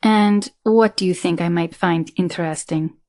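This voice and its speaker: A woman voicing a flirtatious Eastern European woman with a deep, sultry voice in a sci-fi audiobook. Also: moderate pace, dark tone, close to an everyday voice. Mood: coy. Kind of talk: audiobook character reading.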